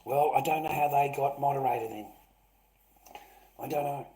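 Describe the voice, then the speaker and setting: A man hosting a live stream, rambling and swearing, who swings between loud outbursts and low muttering. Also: moderate pace, slight background noise, poor audio. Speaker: livestream host.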